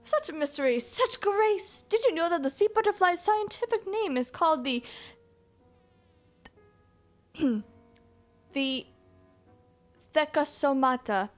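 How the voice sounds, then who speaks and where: A woman's voice: high-pitched, expressive, faint music behind, pitched above the performer's own voice. A woman voicing a pompous, scholarly male owl museum curator from a video game, lecturing with a vague put-on Irish-sounding lilt. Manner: lecturing, grandly drawn-out storytelling. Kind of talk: reading game dialogue aloud in character.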